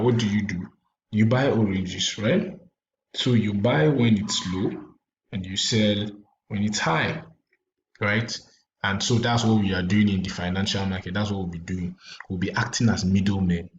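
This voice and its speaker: A man's voice: fairly low pitch, darkish tone. A tired, yawning man with a Nigerian accent teaches a casual trading lesson late at night, often checking in with "right?" and "you understand?". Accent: Nigerian English. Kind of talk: casual explanatory lecture. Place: recording indoors late at night. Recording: echoey room, dull lo-fi sound, faint background hiss.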